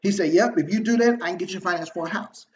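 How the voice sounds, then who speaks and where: Animated storytelling man, muffled audio. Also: high voice, fast talker. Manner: animated, slangy, repeats himself and acts out quoted dialogue. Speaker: online marketing video host. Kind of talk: casual motivational storytelling to viewers.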